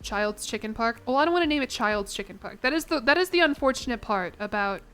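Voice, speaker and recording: A woman's voice: fairly high pitch, lively intonation, fast talker, fairly bright tone, smooth, faint music behind. A young woman streaming a game, rambling and giggling as she chats with her viewers. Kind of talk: casual chat to a live chat.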